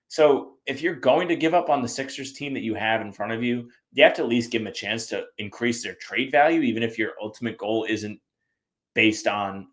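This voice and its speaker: A man from the US Northeast, co-hosting a sports podcast in casual chat, animated and acting out the people he quotes. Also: mid-range voice, fairly quick. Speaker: podcast co-host.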